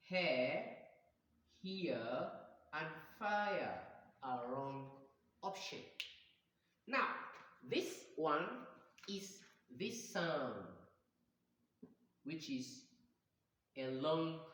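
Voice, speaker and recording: A male teacher works through an exam question at a very slow, careful pace. His voice sits a little high, and he says each example word several times over. The sound comes from a strongly echoing room. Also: a bit bright. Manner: slow and deliberate, repeats each word for pronunciation. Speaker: English teacher. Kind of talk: exam-prep lesson. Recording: very echoey room.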